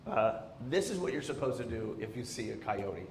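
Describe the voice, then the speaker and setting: A man performing a stand-up comedy set on a theatre stage, telling stories in an animated, exasperated way through a handheld microphone. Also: on the low side, normal speed, a little hiss or hum. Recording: roomy theatre echo.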